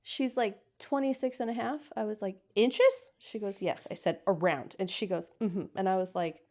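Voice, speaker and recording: A woman's voice: mid-range voice, moderate pace. A woman in her thirties from the United States, telling a personal story as an interview guest and acting out the people she quotes. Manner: lively storyteller, acts out quoted voices.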